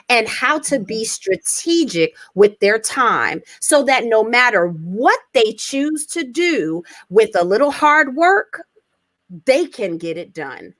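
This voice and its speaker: A woman from New Jersey, a business coach, speaking as a guest over a video call, energetic and motivational. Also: a little high, no echo. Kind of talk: casual interview talk.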